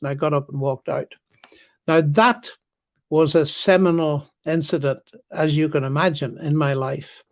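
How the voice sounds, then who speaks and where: Older man, measured and emphatic. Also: fairly high pitch, fairly even intonation. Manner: measured, formal, emphatic storyteller. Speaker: guest. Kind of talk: conversational interview storytelling.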